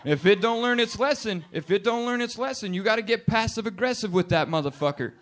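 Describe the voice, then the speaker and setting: A man's voice: high-pitched, expressive, a little fast. A man in his late twenties doing a profane, punchy stand-up comedy set in a bar. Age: 20s. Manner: profane, loud, punchy delivery with put-on voices. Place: bar stage with live audience.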